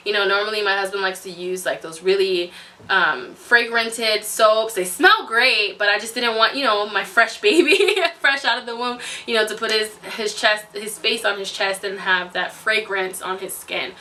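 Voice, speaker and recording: A woman's voice: mid-range voice, steady tone, moderate pace, sharp tone. A young adult woman vlogger telling her story in an effusive, chatty way, full of exclamations. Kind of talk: casual storytelling to camera. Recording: voice distant from the mic.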